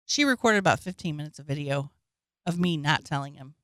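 Woman with a bright sharp voice, chatty storytelling, dry close mic. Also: deep voice, animated, a little fast, dry recording. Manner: chatty, hesitant with fillers while telling a personal story. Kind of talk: casual storytelling chat.

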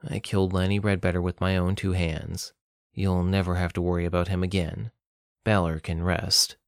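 A male audiobook narrator voicing a determined young man who speaks in a low, grim, steady way. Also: moderate pace, no room sound, studio quality.

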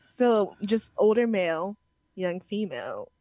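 A woman's voice: mid-range voice, very animated, unhurried, darkish tone, dry recording. A woman co-hosting a podcast in casual chat, upbeat and teasing. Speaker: podcast co-host.

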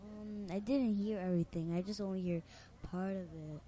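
A sleepy, tired woman who is a guest on a show. She answers quietly and in very few words. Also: medium pitch, fairly even intonation, moderate pace.

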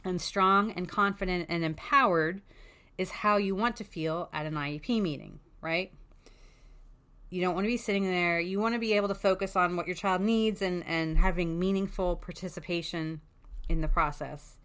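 A woman's voice: on the low side, moderate pace, a bit bright. A woman talking candidly as a parent advocate, giving casual, frank advice and swearing freely.

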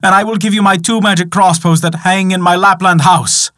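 A man's voice: high voice, fairly even intonation, brisk, a bit bright, voice pushed up. A man voicing a boastful young wizard. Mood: pleading. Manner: brash and bragging. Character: boastful young male Lapland wizard, sneering.

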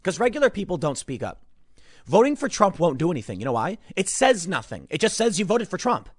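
A young male commentator rants through an opinion monologue, emphatic and prone to repeating himself. His voice sits a touch high and swings widely in pitch. The sound is dry and close, with no room around it. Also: very animated, brisk, slightly rough, no echo. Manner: emphatic, ranting, repeats words. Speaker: political commentator.

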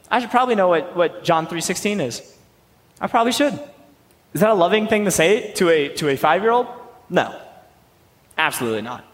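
A man's voice: fairly high pitch, in a large hall, low-quality recording. A young man preaching a sermon in a conversational, emphatic way. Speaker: youth pastor.

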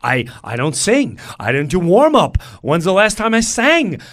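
A man in his fifties, a comedian telling a story in casual chat, animated, acting out voices and swearing. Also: high voice, unhurried, a little hiss or hum. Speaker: comedian guest.

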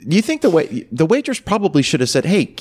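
A man talks through a movie in a relaxed podcast chat. His pitch swings widely as he recaps scenes, and he keeps dropping into short put-on voices for the characters. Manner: animated retelling, puts on quick voices for characters. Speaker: podcast co-host. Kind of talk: casual movie review chat.

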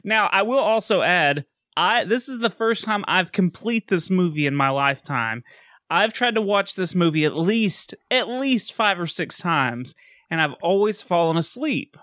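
A man with a high, bright voice that swings widely in pitch, chatting about a movie on a podcast. He talks in an animated way, laughs often and restarts his sentences. The recording is dry and close. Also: measured pace, no room sound. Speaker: podcast co-host. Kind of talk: casual movie-review chat.

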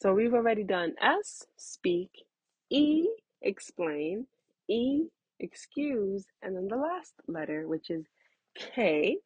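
A woman's voice: fairly high pitch, darkish tone, slightly rough, no echo, poor audio. A woman in her thirties giving frank, conversational parenting advice, calling the listener honey. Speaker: parenting talk host. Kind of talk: casual advice talk.

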